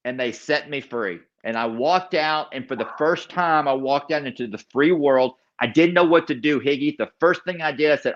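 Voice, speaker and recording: A man's voice: on the high side, normal speed, few pauses, a bit bright, dull audio. A man guest telling his personal recovery story in an interview. He is an emphatic storyteller who repeats key phrases and acts out other people's lines. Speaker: podcast guest.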